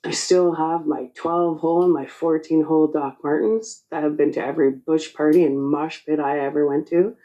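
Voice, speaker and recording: A woman in her forties hosting her own channel, speaking in an emotional spiritual monologue, choked up and halting. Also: deep voice, fairly even intonation, dark tone, low-quality recording. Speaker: channel host.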